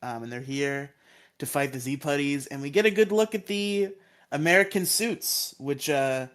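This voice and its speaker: A man's voice: a little high, moderate pace, fairly bright tone. A man co-hosting a podcast, recapping episodes casually, laughing often and acting out quotes in silly voices.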